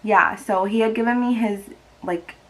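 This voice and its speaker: A woman's voice: mid-range voice, steady tone, normal speed, a bit bright, low-quality recording. Young woman, twenties, casual storytime vlog, lots of "like", emotional and teary. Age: 20s. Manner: chatty, heavy use of "like", emotional and teary. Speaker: vlogger.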